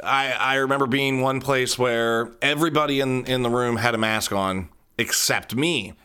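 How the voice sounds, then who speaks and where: Hosting his own podcast, this central Ohio man talks alone in a loose, rambling way, cracking jokes at his own expense. He's an adult with a medium-pitched, smooth voice that sounds pushed and bright, delivered at a normal speed.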